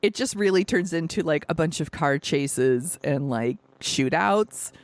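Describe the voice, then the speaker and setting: A woman co-hosting a podcast chats casually about a movie in a deep, expressive, unhurried voice with no echo. She rambles and swears, with lots of fillers and laughter.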